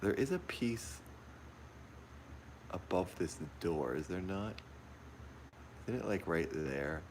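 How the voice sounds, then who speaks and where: Very deep, gravelly man streaming a horror game. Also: animated, slow, a little mellow, a little hiss or hum. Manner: jumpy, easily frightened, repeats exclamations. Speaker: livestreamer playing a horror game. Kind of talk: live gameplay commentary. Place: dark room at home. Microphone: phone pointed at the TV.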